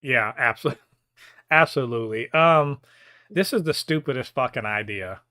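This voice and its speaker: A man's voice: mid-range voice, unhurried, bright, forceful tone, no room sound, studio quality. A man co-hosting a podcast, ranting in a heated, profane way in casual chat. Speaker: podcast co-host.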